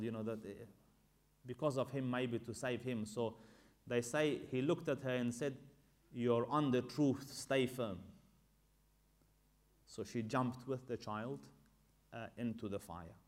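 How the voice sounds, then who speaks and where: A male Islamic teacher tells sacred history in a relaxed, conversational lecture style. He slips briefly into the characters' lines as he goes. His voice sits at a medium pitch for a man. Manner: conversational storytelling that acts out dialogue.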